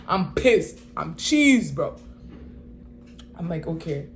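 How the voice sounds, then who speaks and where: A woman in her twenties telling a casual storytime, animated and slangy, retelling with exasperation. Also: lowish voice, moderate pace. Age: 20s. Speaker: vlogger.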